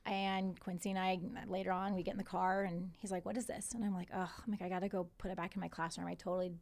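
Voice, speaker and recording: A woman's voice: on the low side, little pitch movement, fast, gravelly, darkish tone. A woman in her forties, a podcast guest, animatedly retelling what happened to her, quoting others and swearing. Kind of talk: casual storytelling in conversation.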